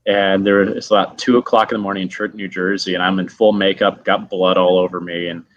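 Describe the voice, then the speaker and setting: A middle-aged man, a guest actor, telling stories casually in an animated way, acting out voices and laughing often. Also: low voice, a little fast, lo-fi sound.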